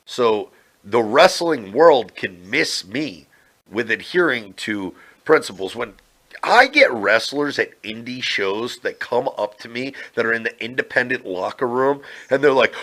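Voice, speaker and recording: A man's voice: medium pitch, unhurried. A man, a former pro wrestler, telling brash, profane stories as a podcast guest. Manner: brash, profane, animated storytelling. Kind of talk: casual interview chat.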